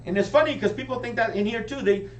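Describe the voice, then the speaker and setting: A man giving a high-energy motivational training talk to a live audience, often checking in with them. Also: fast. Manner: energetic, keeps asking the crowd "right?". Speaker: business team leader training recruits. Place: meeting room with an audience. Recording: echoey room, distant mic, faint hum.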